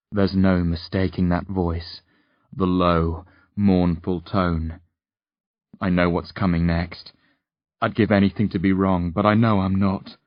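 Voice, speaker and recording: A man narrating an audiobook in the first person, in a measured, steady storytelling manner. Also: low-pitched, dry recording, highs cut off.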